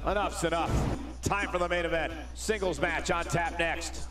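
A man's voice: fairly high pitch, normal speed, lightly acted. A man voicing a wrestling play-by-play announcer in broadcast style, hyping the matches. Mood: hyped. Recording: game audio with music behind.

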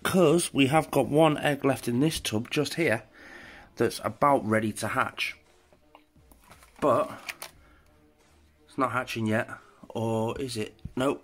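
A British man, a reptile keeper and channel host, chatting casually as he walks through his reptile room at night and talks to his animals. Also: mid-range voice. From England. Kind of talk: casual walk-through narration.

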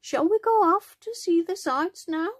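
A woman's voice: very high voice, animated, a little slow, no echo, voice pushed up. A woman doing a cheerful old grandma. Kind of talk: storybook reading.

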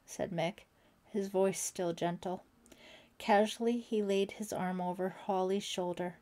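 A woman narrating an audiobook in a steady, expressive reading. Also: fairly low pitch, a little slow. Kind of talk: scripted narration.

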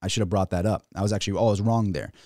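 Man, finance livestream host, casual rant, excitable, rambling, warm low tone, dry room. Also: very fast, dry recording. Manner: rambling, excitable, many restarts. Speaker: finance YouTuber.

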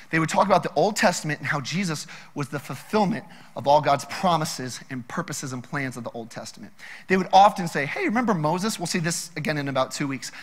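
A young man preaching a sermon as pastor, telling stories with animated, acted-out quotes. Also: on the high side, in a large hall.

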